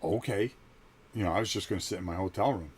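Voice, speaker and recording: Low-voiced middle-aged man telling a story. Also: fast talker, breathy edge. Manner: animated, acts out quoted conversations. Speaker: channel host. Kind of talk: casual storytelling monologue.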